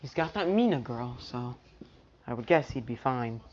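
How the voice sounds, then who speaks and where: A woman voicing a gentle, worried middle-aged mother in a homemade fan story, speaking softly. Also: a bass voice, lively intonation, moderate pace, lo-fi sound, slight background noise, pitched below the performer's own voice.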